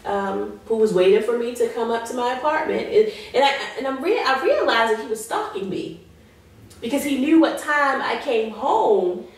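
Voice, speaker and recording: A woman being interviewed as a guest, giving an emotional personal testimony in an earnest way. She slows down on heavy moments. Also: fairly high pitch, expressive. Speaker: guest sharing her survival story. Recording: very echoey room, voice far from mic.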